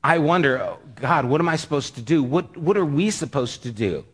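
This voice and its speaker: A middle-aged man preaching a sermon, telling a personal story in an earnest, halting way with frequent restarts. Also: a little high, animated, breathy edge.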